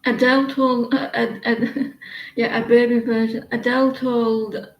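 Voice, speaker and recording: In an echoey room with poor audio quality, a British tarot reader chats casually on her live stream, rambling and gossiping with many hesitations. She speaks a little slowly in a slightly high, level voice.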